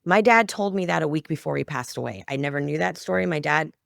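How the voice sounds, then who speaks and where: A middle-aged woman talks as a podcast guest, her storytelling heartfelt and emotional. Her voice has a gravelly texture. The sound is dry and close. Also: low voice, animated, quick pace, no room sound. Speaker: podcast guest, children's media founder. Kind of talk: interview storytelling.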